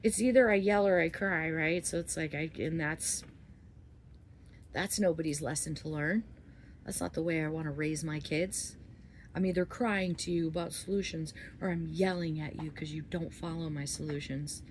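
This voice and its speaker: A woman in her forties talking to her viewers in a candid, rambling monologue, cursing freely and swinging between loud outbursts and soft asides. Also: deep voice, fairly even intonation, normal speed, slight background noise. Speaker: vlogger. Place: outdoors under a flight path.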